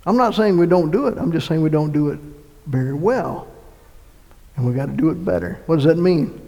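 Male pastor, sermon, high voice, gravelly edge, loud bursts and hushed drops, long reverb in a church. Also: fairly quick. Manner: preaching with sudden loud swells and hushed drops. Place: church sanctuary.

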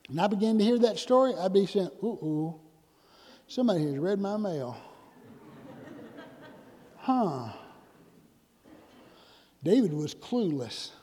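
A man preaching a sermon in a church, animated and conversational with sudden loud outbursts. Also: sits high. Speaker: pastor. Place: church sanctuary. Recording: long hall reverb.

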